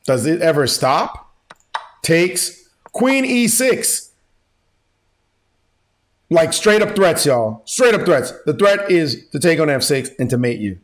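A chess grandmaster giving an animated chess lesson, excitable and slangy, with frequent exclamations. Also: male voice, on the high side, slow pace, pauses often.

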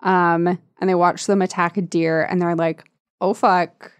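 A woman's voice: on the low side, flat delivery, moderate pace, smooth. A woman co-hosting a podcast in casual chat, sarcastic, laughing often and swearing freely. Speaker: podcast co-host.

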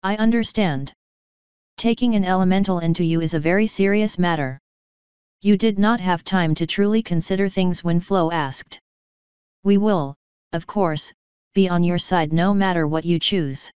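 Woman voicing a stiff polite royal lady from a storybook, low smooth voice, dry dull recording. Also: a little mellow, dry recording, lightly acted. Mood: formal. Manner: measured and courteous. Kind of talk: audiobook reading of fan fiction.

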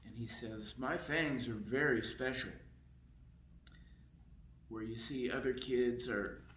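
A man reading a children's picture book aloud in a slow, expressive storytelling voice, in council chambers. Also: mid-range voice, reverberant, slight background noise, rough recording.

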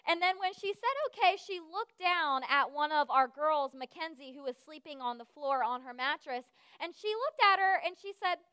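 A woman giving a sermon, telling a lively personal story and acting out the voices of the people in it. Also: very high-pitched, moderate pace, hardly any pauses, dry recording, studio quality. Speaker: speaker at a church service.

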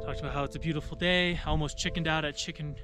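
A young man vlogging from a mountain summit outdoors, halting and open, with many fillers and restarts, choked up and near tears. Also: fairly high pitch, steady tone. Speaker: hiker vlogger. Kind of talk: emotional summit vlog. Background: loud background music.

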